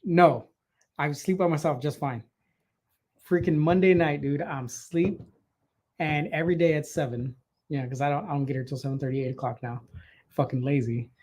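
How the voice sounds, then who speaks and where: A man co-hosting a casual podcast, his voice sitting a little high for a man. He tells stories in an animated, profane way, and his delivery is loose and conversational. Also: moderate pace, pauses often. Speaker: podcast co-host. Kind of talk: casual chat, storytelling.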